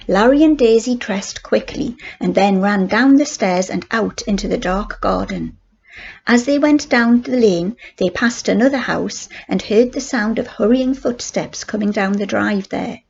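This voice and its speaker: An older woman, a grandmother, reading a children's book aloud in steady, plain narration. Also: medium pitch, unhurried, gravelly, husky, highs cut off. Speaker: grandmother storyteller.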